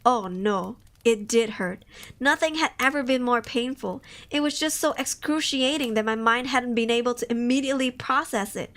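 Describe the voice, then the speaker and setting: A woman reads spooky tales aloud on a live stream in a high, bright voice. She reads in a casual way and breaks off into emotional reactions and swearing. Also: normal speed. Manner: emotional, cries and exclaims between passages. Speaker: streamer reading horror stories.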